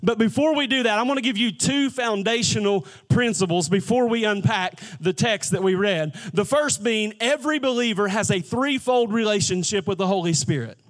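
High-voiced man preaching a sermon. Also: moderate pace, few pauses. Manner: conversational preaching with repeated restarts. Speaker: pastor. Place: church sanctuary.

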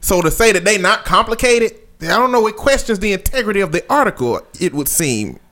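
A man's voice: high voice, sing-song, a little fast, sharp tone. A man co-hosting a podcast, casual chat with a wry, dry humor. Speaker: podcast co-host.

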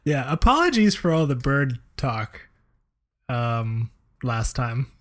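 A man's voice: mid-range voice, very animated, slow pace, fairly bright tone. A man co-hosting a casual podcast, teasing with a dry humor and laughing along. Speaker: podcast co-host.

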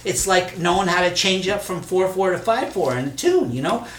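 An older man, a poet and teacher, talking casually in an animated, profane way and laughing often. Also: sits high, normal speed, distant mic. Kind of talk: casual conversation. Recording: echoey room, off-mic, faint noise.

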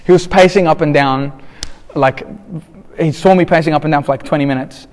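A man's voice: fairly high pitch, brisk, a little mellow. Candid storytelling man in a reverberant hall. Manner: candid, rambling, with many restarts and "blah, blah". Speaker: speaker telling a personal story. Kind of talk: personal storytelling talk.

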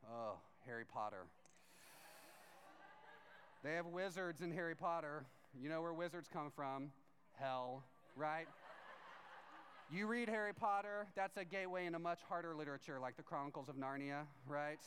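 Lively young preacher in a reverberant hall. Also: male voice, a little high, moderate pace, pauses often, a little hiss or hum. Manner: storytelling with quoted voices, frequent "right?" tag questions. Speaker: pastor. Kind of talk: sermon.

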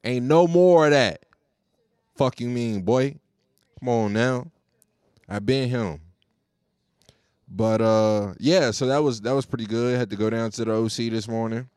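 A man's voice: medium pitch, fairly even intonation, a little slow, pauses often, a little mellow, clear, resonant tone, no echo, clean studio sound. A man hosting his own podcast solo, chatting in a laid-back, slangy way with plenty of cursing. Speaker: podcast host. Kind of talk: casual solo podcast chat.

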